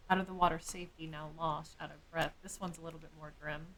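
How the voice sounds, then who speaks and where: A woman's voice: on the low side, little pitch movement, fast talker, poor audio. A woman streamer thinking aloud during live game commentary, with musing, jokey asides.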